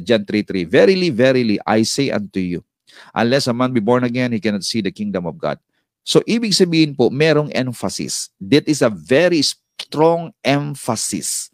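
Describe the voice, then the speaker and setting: A man's voice: mid-range voice, no room sound, clean studio sound. A man with a Filipino accent, preaching a sermon. He switches between Tagalog and English, repeats key phrases for emphasis, and asks his listeners rhetorical questions. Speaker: pastor.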